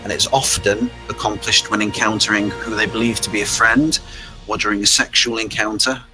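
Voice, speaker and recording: Guy gm explaining lore, kinda low bright voice, some um's, faint music under it. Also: steady tone, brisk, low-quality recording. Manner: explanatory, with fillers and restarts. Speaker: game master. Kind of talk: narrating a tabletop game.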